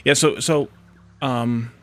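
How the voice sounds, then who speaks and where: Soft music plays under this man's slightly bright, mid-range voice, which moves slowly with fairly even intonation. Streaming a building game, he keeps up easygoing let's-play commentary, answering chat and muttering his way through every step.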